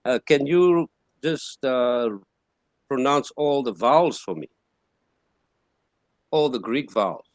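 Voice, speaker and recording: A man teaching a classroom lesson, sounding out words slowly syllable by syllable and repeating them. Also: medium pitch, animated, dry recording, clean studio sound.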